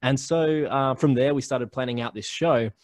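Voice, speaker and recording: Brief: Australian podcast founder, young adult, casual interview guest, chatty, many "um"s, average pitch, dry mic. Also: male voice, moderate pace, dry recording. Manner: chatty storyteller with many fillers and restarts. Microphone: remote call recording.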